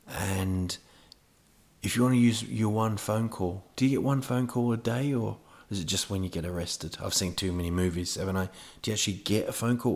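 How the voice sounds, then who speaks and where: A man hosting a podcast, telling a rambling comic monologue full of digressions and self-mocking asides. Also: sits low. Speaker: podcast host.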